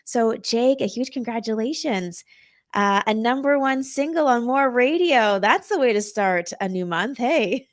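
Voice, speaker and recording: A woman's voice: a little high, lively intonation, a little slow, no echo, clean studio sound. A woman hosting a casual interview, asking questions in an upbeat, friendly way with a few fillers. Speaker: interview host.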